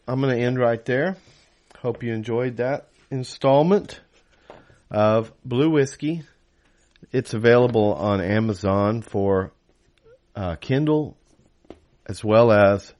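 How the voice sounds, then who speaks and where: A man's voice: fairly low pitch, a little mellow, highs cut off. A man reading his own novel aloud in first person, then chatting casually to close the episode. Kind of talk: audiobook reading.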